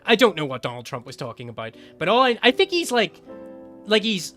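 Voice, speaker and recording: A man's voice: high-pitched, very animated, a little fast, sharp tone, soft background music. A young man giving rambling, jokey, sweary commentary while playing a video game. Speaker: gaming video host. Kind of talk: let's play commentary.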